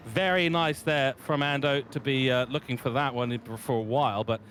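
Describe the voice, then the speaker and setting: Man, sim racing commentator, analytical, easygoing, mid pitch, faint background noise. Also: steady tone, moderate pace, a bit bright. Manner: analytical, easygoing, speaks from driving experience. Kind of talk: race commentary.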